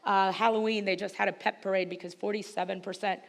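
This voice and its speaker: A woman's voice: medium pitch, quick pace, gravelly. A woman with a slight Spanish-influenced accent, speaking energetically and emphatically as a panelist at a conference. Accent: Spanish-influenced English. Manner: energetic, emphatic, laughs often. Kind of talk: panel discussion. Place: conference hall stage. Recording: reverberant hall.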